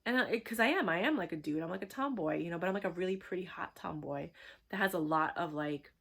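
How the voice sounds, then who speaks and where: Young woman vlogger, bright and forceful tone, candid, chatty. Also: lowish voice, quick pace, gravelly, breathy edge. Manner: frank, chatty, animated storytelling. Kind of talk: candid personal vlog monologue.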